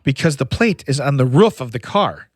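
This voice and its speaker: Man, middle-aged, podcast co-host, rambling storyteller, mid pitch, dry close sound. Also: animated, normal speed, husky, no echo. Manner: rambling, laughs at his own stories. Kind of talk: casual storytelling chat.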